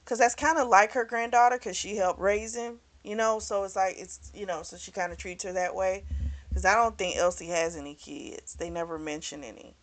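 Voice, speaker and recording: A woman's voice: mid-range voice, moderate pace. A woman casually retelling a novel's plot in a book review, chatty and full of "you know", raising her voice when she quotes characters. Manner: acts out characters' lines in a raised voice.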